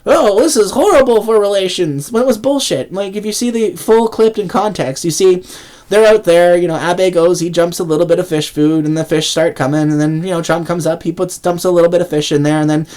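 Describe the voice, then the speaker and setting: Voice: mid-range voice, fairly quick, a little mellow. Swearing, sarcastic political ranter. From Canada. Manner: angry, sarcastic, heavy swearing, frequent restarts; laughs mockingly between points. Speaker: political commentator. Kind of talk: profane political rant.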